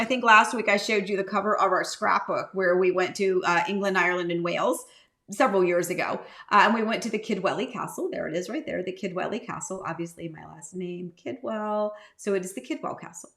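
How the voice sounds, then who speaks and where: A woman realtor hosting a casual live-stream chat, rambling warmly and greeting viewers by name. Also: medium pitch, brisk. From United States. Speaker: realtor and live show host.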